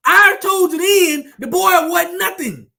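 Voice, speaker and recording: A very high-pitched man speaks a little slowly in a gravelly yet bright, forceful tone. As a commentator with his own sports channel, he gives viewers a fiery, profane rant, taunting them and repeating himself for emphasis.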